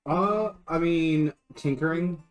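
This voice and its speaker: A man playing in a tabletop game, speaking in a hesitant, halting way. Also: a little high, faint music behind. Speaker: player.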